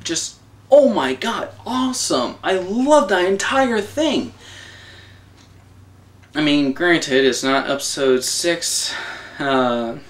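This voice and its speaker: A young man giving a casual, excitable, rambling film review, swearing and laughing as he goes. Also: fairly high pitch, slow pace, long pauses. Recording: voice a bit distant from the mic.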